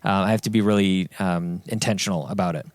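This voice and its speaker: A man's voice: low voice, fast talker, no echo. A young man co-hosting a gaming podcast, chatting casually with frequent fillers and easy laughter. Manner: laughs easily, hesitant with fillers. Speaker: podcast co-host. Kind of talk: casual chat.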